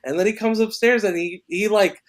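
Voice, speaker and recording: A male actor and filmmaker, a guest on a podcast, telling an animated anecdote and laughing often as he talks. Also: high voice, brisk. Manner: excitable, laughs often while storytelling.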